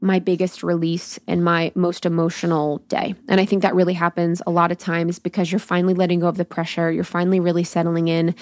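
A woman hosts her own podcast alone and tells a personal story in a frank, unfiltered way, swearing freely. She voices her own inner dialogue as she talks. Her voice sits fairly low, and the recording is close and dry, with almost no room sound. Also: monotone, a little fast, few pauses, a little mellow, dry recording. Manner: candid, profane storytelling. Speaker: podcast host. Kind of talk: solo podcast recap.

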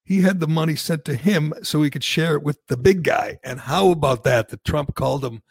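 A man's voice: fairly high pitch, fairly quick, husky, no room sound. A man hosting a podcast, animatedly giving his opinions as he recaps a debate. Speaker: podcast host. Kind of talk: casual political chat.

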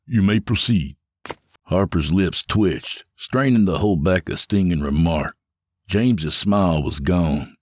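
A man narrating a dark horror story in a measured, scripted way. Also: deep voice, no room sound, studio quality.

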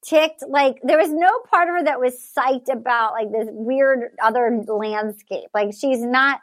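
High-voiced animated woman podcast host. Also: measured pace. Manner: animated, profane, lots of "like" and acted-out quotes. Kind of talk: casual comedic chat.

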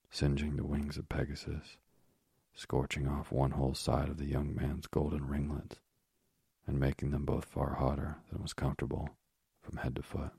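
A man reading a storybook aloud as narrator with a measured, even delivery. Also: very deep voice, creaky, slightly rough, no echo, clean studio sound.

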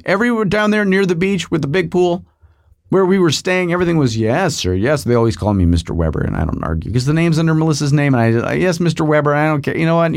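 A middle-aged man hosting a podcast, telling a rambling comic story with digressions and asides to the listener. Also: fairly high pitch. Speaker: podcast host.

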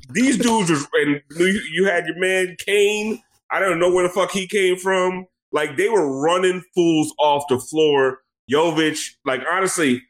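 A man hosting a casual sports podcast, talking bluntly with lots of swearing and joking. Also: high-pitched. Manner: blunt, profane, jokey. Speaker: podcast host.

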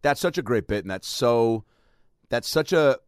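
A man in his late thirties, hosting casual comedic chat as an animated storyteller who slips into loud mock voices. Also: medium pitch, normal speed, clear, resonant tone, dry recording, studio quality. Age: 30s. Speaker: podcast host.

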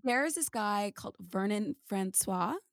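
A woman chatting casually, animated and laughing often, acting out quotes as she talks. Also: medium pitch, unhurried, gravelly, dry recording, clean studio sound. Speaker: Broadway performer. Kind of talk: casual chat.

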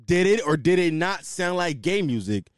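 A man's voice: high voice, big pitch swings, moderate pace, no echo, clean studio sound. A man hosting his own podcast, ranting in a loose, slangy, casual way. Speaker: podcast host. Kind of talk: casual solo podcast rant.

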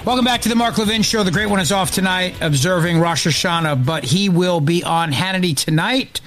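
A man filling in as host of a political talk radio show, speaking emphatically and indignantly in quick bursts. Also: sits high, fairly bright tone.

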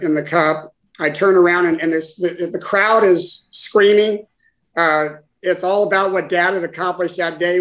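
Halting, heartfelt older man telling a story. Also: sits high, fairly bright tone, rough recording. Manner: halting and heartfelt, full of restarts and fillers. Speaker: guest, former caddie for his father. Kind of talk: storytelling in conversation.

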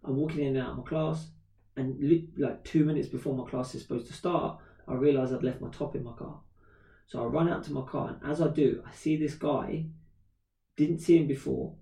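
A man in his thirties, a podcast co-host, telling a story in casual chat, animated and swearing freely. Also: mid-range voice, fairly quick, creaky. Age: 30s. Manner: animated, swears freely, acts out quoted voices. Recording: roomy echo, distant from mic.

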